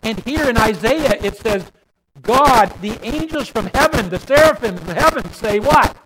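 Guy preaching a sermon, kinda high voice, slow and deliberate, little bit of hiss behind him. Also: lively intonation, low-quality recording. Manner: swings between loud emphatic repetition and low quiet asides.

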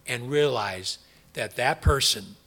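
A man's voice: medium pitch, slow pace, fairly bright tone, breathy edge. A middle-aged man preaching a sermon, asking the audience questions and acting out quoted voices. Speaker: pastor.

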